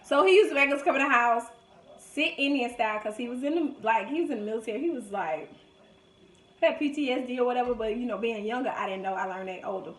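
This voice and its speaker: A woman tells family stories in a relaxed, chatty way. Her voice sits a little high. The room around her is echoey. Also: fast, distant mic. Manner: chatty, reminiscing, quotes people in lively voices. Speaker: vlogger. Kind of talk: casual storytelling during a food video.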